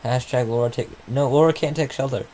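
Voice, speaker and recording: A man's voice: medium pitch, steady tone, brisk, dark tone, slight background noise, low-quality recording. A man hosting an informal live stream, rambling and muttering to himself as he waits for updates, sounding sleepy. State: sleepy, yawning. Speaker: livestream host. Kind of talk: casual live commentary.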